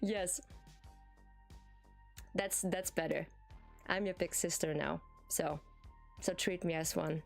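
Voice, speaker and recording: A woman's voice: on the low side, steady tone, takes it slowly, creaky, long pauses, faint music behind, pitched below the performer's own voice. A woman playing a sassy big sister with a German accent. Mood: smug. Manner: indignant, teasing, repetitive. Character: sassy big-sister persona scolding her sibling. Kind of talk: playful live-stream role-play.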